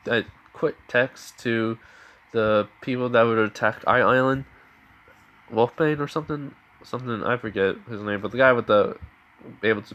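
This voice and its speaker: A man's voice: on the low side, fairly bright tone. A man casually retelling a fan story in a rambling way, full of fillers and self-corrections.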